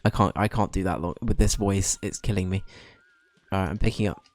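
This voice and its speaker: Brief: young guy, lowish voice, jokey casual game-stream chat. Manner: joking, self-deprecating, quick asides. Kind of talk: casual gaming commentary.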